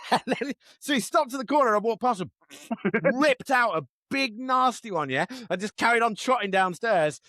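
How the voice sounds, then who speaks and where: A man's voice: very high voice, lively intonation, moderate pace, sharp tone, no room sound. A man co-hosting a podcast, telling family stories in casual chat, laughing and swearing freely. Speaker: podcast co-host.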